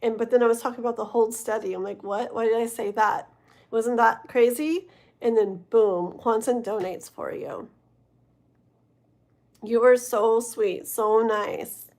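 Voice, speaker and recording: A woman's voice: on the high side, a little slow, a little mellow. A young woman, tired and yawning, chatting casually and rambling with her live chat between tarot readings, laughing often. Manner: rambling, giggly, talks to chat. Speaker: livestream tarot reader.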